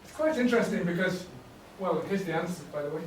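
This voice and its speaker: A man leading a teacher workshop, explaining teaching ideas in a relaxed way with fillers and restarts. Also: high voice, quick pace, slight background noise. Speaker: workshop trainer. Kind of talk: teacher training talk. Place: workshop room. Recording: echoey room, distant mic.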